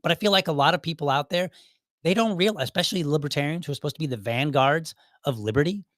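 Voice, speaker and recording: A man's voice: fairly high pitch, fast, fairly bright tone, dry recording, clean studio sound. A man in his thirties hosting a solo podcast, talking casually and with exasperation, full of restarts and quoted asides. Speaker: podcast host.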